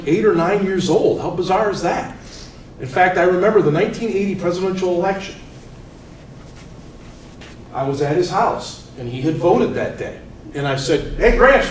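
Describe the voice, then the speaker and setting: A man in his forties tells students a story as their teacher, growing loud and then hushed. His voice sits a touch high, echoing around a school hall from a mic some way off, with faint noise behind. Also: moderate pace. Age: 40s. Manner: animated, swings from loud to soft. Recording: echoey room, mic far off, faint noise.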